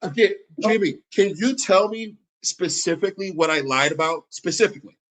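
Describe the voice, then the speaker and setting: A man's voice: sits high, moderate pace, a bit bright, rough recording. A man streaming a heated reaction, talking back to a video in a combative, mocking, profane way.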